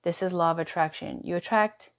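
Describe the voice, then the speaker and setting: A woman giving a chatty tarot reading, going hoarse as she loses her voice. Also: on the low side, steady tone, fairly quick. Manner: chatty, reassuring, drifts between reading aloud and asides. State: losing her voice. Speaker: tarot reader.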